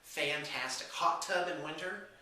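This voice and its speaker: A man's voice: a little high, a little slow, pushed and bright. A man hosting a casual morning show, chatting with playful, theatrical outbursts. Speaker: host. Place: room with whiteboard, indoors. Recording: echoey room from far off.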